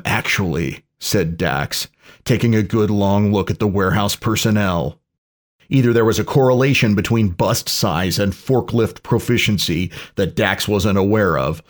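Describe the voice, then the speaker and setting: A man reading a parody pulp story aloud in a dry, deadpan narration. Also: lowish voice.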